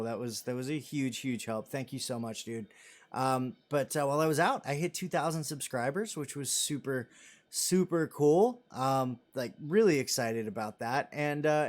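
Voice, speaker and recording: A man in his thirties hosting a live stream, chatting casually and rambling as he reads viewer comments and jokes about himself. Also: mid-range voice. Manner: self-deprecating and joking.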